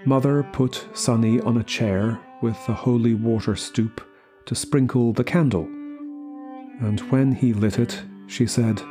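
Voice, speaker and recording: A man reading a short story aloud as the narrator, in slow, measured scripted narration. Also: medium pitch, fairly even intonation, music in the background. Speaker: story reader.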